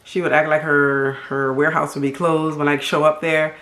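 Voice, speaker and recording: A middle-aged woman from Haiti, telling a storytime vlog story in an animated, emphatic and indignant way. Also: deep voice, normal speed. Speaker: vlogger. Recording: roomy echo.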